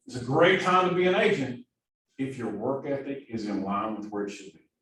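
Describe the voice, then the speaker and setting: Energetic coach with a Southern accent. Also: male voice, mid-range voice, fairly quick. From Missouri. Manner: energetic, keeps asking "right?". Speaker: productivity coach. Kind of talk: classroom training talk. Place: classroom. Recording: echoey room from far off, faint hiss.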